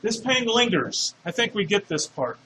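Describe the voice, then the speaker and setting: A man's voice: sits high, very animated, normal speed, pushed and bright, a little hiss or hum. Man lecturing in an echoey hall. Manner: explanatory, asks the class questions. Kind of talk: classroom lecture.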